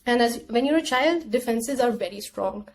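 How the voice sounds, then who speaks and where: A woman's voice: on the high side, lively intonation, moderate pace. A young woman guest on a podcast, talking things through in a casual, reflective way and acting out her own inner voice. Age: young adult. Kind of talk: casual conversation.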